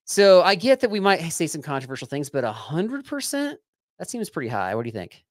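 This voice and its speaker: A man's voice: a little high, big pitch swings, fast talker, no room sound, clean studio sound. A man co-hosting a casual podcast, teasing his partner in a playful way and laughing often. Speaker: podcast co-host.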